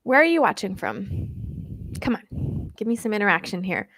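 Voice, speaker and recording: A woman's voice: medium pitch, very animated, moderate pace, creaky, a bit bright, no echo, clean studio sound. Chatty American woman on a live stream. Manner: chatty, reads out viewer comments, laughs often. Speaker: diet coach and YouTuber. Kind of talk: casual live-stream Q&A chat.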